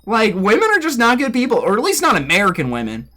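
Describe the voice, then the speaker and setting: A man's voice: sits high, huge pitch swings, quick pace, sharp tone. A man streaming a game, rambling in crude, casual banter and dropping "dude" often. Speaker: gaming streamer.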